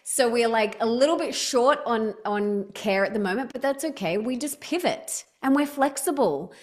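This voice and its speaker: A woman's voice: on the high side, lively intonation, darkish tone. A woman in her thirties, a podcast guest telling stories in casual chat, with many restarts and fillers. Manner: chatty storytelling, quick restarts, lots of "like".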